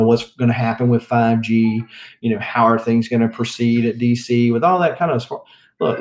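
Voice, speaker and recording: A man's voice: medium pitch, darkish tone. A man with a Southern US accent hosting a comic book show, rambling casually with lots of fillers and wry jokes. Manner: rambling, with many fillers and restarts; opinionated and joking. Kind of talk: casual chat.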